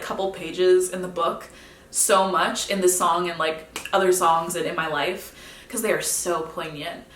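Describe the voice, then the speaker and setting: A young woman songwriter talking casually and candidly about her own song, sometimes musing quietly. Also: on the low side. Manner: chatty, candid, drifts into soft musing. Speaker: singer-songwriter. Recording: roomy, mic set at a distance.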